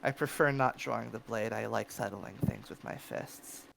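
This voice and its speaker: A man voicing a tough woman fighter in a tabletop game, low-key, sighing and blunt. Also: normal speed, vocal fry, a bit bright, a little hiss or hum, rough recording. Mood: weary.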